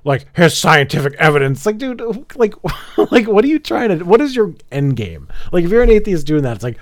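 A man in casual podcast chat, joking and sarcastic, given to quick quips. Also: high voice, very animated, warm tone, no room sound, clean studio sound.

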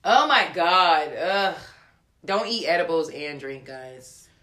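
A woman's voice: on the low side, slow pace, roomy sound. A woman in her thirties chatting casually as a co-host, telling stories animatedly and acting out voices. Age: 30s. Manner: animated storytelling, acts out voices. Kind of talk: casual chat.

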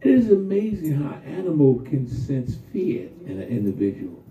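A man preaching a sermon, telling stories with animated call-and-response. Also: fairly high pitch, normal speed, slight background noise. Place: church. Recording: echoey church from far off, phone-like sound.

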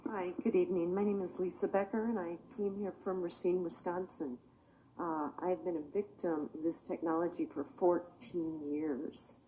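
A woman's voice: lowish voice, warm tone, slight background noise, rough recording. A woman giving emotional, pleading testimony at a public meeting, sounding tired. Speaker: public commenter.

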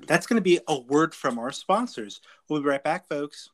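A man's voice: on the high side, lively intonation, moderate pace. A man co-hosting a casual wrestling podcast, laid-back, with dry asides. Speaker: podcast co-host.

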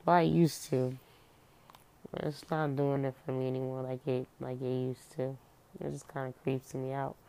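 A woman's voice: a bass voice, level tone, normal speed, creaky, dark tone, clear, resonant tone. A woman vlogging while sick and drowsy from cold medicine, slurring and rambling as she talks herself through it in a small room. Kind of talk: casual monologue to camera.

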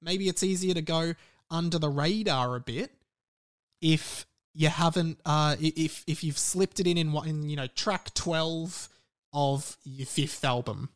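A man's voice: a little high, steady tone, a little slow. An Australian man hosting a podcast, chatting casually in a rambling, wry way and often correcting himself mid-sentence. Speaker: podcast host.

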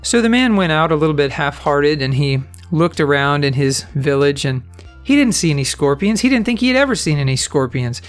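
A man's voice: a little high, big pitch swings, brisk, soft background music. A man hosting a motivational podcast, telling a story in an earnest, conversational, encouraging way. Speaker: podcast host.

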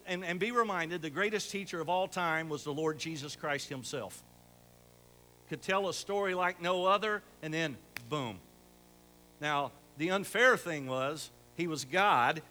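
A man's voice: on the high side, pushed and bright. An older man preaching a folksy sermon as pastor, rising to emphatic exhortation. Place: church sanctuary. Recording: echoey church hall with faint hum.

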